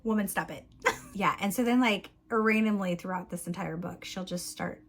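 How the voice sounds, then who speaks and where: A woman's voice: medium pitch, normal speed. A woman book vlogger chatting casually through plot recaps, giggling often and leaning on "like" as she goes. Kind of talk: casual book review chat.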